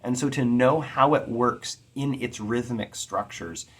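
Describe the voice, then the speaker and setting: A man giving an earnest, expressive lecture on poetic meter, sounding out rhythms as he teaches. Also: mid-range voice, a little slow, slightly rough. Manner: earnest and expressive, tapping out rhythms with spoken syllables. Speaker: poetry teacher.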